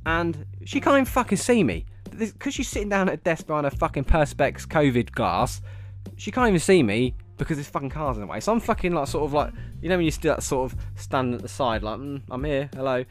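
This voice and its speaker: A man's voice: a little high, sing-song, brisk, faint music behind. A man telling rambling, sweary stories in a casual monologue, often laughing.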